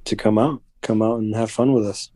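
A man who organizes events, talking as a podcast guest in casual chat, halting and restarting often. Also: fairly low pitch, steady tone, mellow, no echo.

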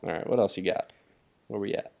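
A man's voice: lowish voice, brisk, creaky, highs cut off. A young man co-hosting a podcast, laid-back and joking in casual chat. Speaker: podcast co-host.

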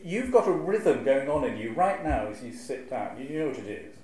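A man's voice: mid-range voice, moderate pace. Wry clergyman in an echoey hall. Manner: lively, wry, recites verse with marked rhythm. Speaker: clergyman giving a talk on preaching. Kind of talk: lecture to a live audience. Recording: very echoey hall, faint ambience.

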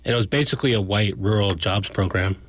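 A man's voice: on the low side, fast, slight background noise. A man, an activist guest on a radio show, gives a blunt and argumentative political analysis in casual speech.

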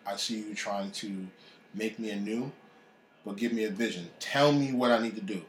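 A man's voice: lowish voice, normal speed, a little hiss or hum. A man casually telling a personal faith story. He talks with animation and acts out the voices of people he quotes. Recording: echoey room.

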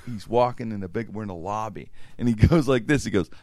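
A man's voice: on the low side, fast, vocal fry, a little mellow, dry recording. A man telling a long funny story in casual chat, acting out the other people's lines as he goes. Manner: acts out quoted lines, laughs through punchlines.

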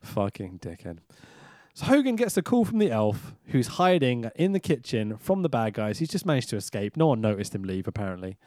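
A man's voice: mid-range voice, big pitch swings, brisk, hardly any pauses, a little mellow, dry recording, studio quality. A man, co-hosting a podcast and recapping a movie in casual chat, sarcastic and swearing often. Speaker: podcast co-host.

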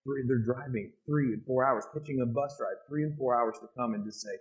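A man working as a missionary, telling earnest, animated stories to an interviewer. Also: medium pitch, brisk, muffled recording. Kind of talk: speaking to an interviewer.

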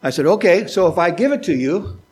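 Folksy preacher acting out dialogues. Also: male voice, expressive, brisk, a little mellow, breathy edge. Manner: folksy, acts out dialogues with changing pitch. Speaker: pastor. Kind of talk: sermon. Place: church sanctuary.

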